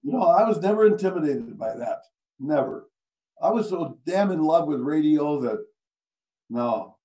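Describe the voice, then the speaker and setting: Telling anecdotes at a normal speed, the older Iowa radio veteran speaks on the high side and chuckles through the humorous bits. The recording quality is low.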